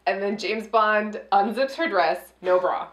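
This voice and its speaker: A woman's voice: mid-range voice, a little slow. A woman co-hosting a casual movie review podcast, chatty and profane, with lots of "like". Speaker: podcast co-host. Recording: roomy echo.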